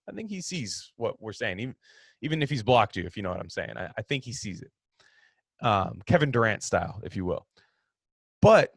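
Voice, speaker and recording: A man's voice: mid-range voice, a bit bright, dry recording, studio quality. A young man hosting a sports talk show, giving rambling, opinionated takes with lots of restarts. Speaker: sports podcast host.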